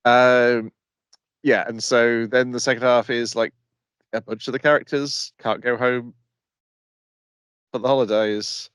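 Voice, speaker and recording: A man co-hosting a podcast in casual chat, summarizing episodes with many pauses and fillers over a remote call. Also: medium pitch, little pitch movement, a bit bright, clear, resonant tone, no room sound. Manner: hesitant, lots of uh and um, summarizing plots. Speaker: podcast co-host. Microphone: remote call mic.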